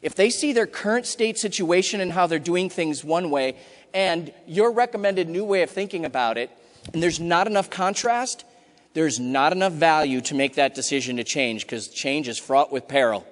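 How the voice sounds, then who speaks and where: A high-pitched man delivers a punchy, emphatic keynote in a large hall with long reverb. He is middle-aged and acts out customer quotes in quick asides. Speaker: conference keynote speaker. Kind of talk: energetic conference talk. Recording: hall reverb from a big room.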